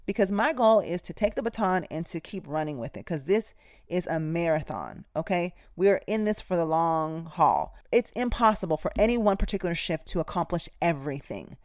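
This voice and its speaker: Speaking at a moderate pace with lively intonation, a woman with a lowish voice hosts a podcast as a nurse. She addresses listeners directly, sharing work stories in an emphatic, casual, instructive style over a dry, studio-quality recording.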